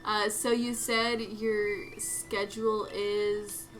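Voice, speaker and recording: A young woman on a desk microphone chatting casually and reacting out loud while she plays a video game. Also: mid-range voice, flat delivery, extremely slow, faint music behind. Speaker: streamer.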